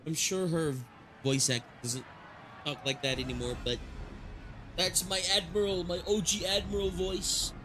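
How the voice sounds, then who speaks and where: A man's voice: high voice, steady tone, a little slow, music in the background. A man streaming a video game, musing aloud in casual commentary with self-corrections.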